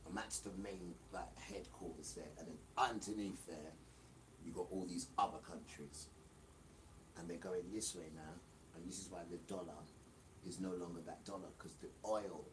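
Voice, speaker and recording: Low-voiced man ranting on a livestream. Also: background noise. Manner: lecturing, scolding, emphatic. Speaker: livestream host. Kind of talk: ranting commentary over played clips.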